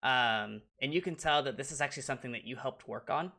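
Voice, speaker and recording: Game master narrator: halting and bright, with lots of fillers. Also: mid-range voice, gravelly. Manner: halting, full of ums and uhs.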